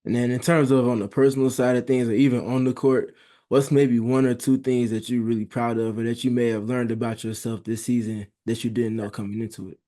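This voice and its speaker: Mellow-voiced male sports reporter. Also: mid-range voice, flat delivery, fairly quick. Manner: friendly, casual with hesitations. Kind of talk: press conference questions.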